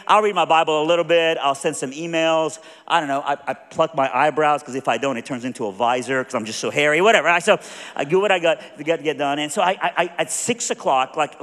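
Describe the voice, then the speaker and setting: A man preaching a sermon with a Southern American accent, telling a story in an animated, folksy way and acting out the other voices. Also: fairly high pitch. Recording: long reverb of a large hall.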